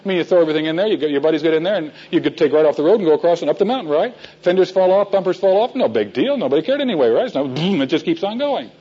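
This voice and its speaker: A man's voice: fairly high pitch, expressive, racing, few pauses, husky, muffled recording. A man teaching a men's Bible class in a folksy storytelling way, asking his listeners questions.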